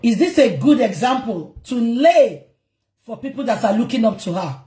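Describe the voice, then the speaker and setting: A woman's voice: on the high side, expressive, moderate pace, mellow. A woman with a Nigerian accent hosting a live gossip stream, indignant and repeating questions to her viewers. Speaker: livestream host. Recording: roomy echo.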